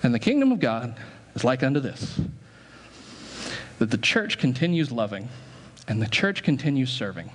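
A very animated man with a medium pitch preaches at a moderate pace, and a slight hiss or hum sits under the audio. As pastor, he directs a group singing exercise in the sanctuary, teasing the congregation and guiding them along.

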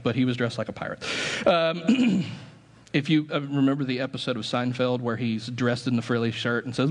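A pastor delivering a conversational sermon, with joking asides and a relaxed preaching manner. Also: male voice, on the high side. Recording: long hall reverb.

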